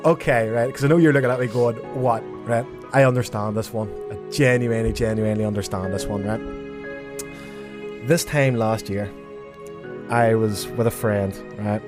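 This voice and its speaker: Young man, student radio host, animated storyteller, music in the background. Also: lowish voice, moderate pace. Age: young adult. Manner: animated storytelling, laughs often. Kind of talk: casual chat.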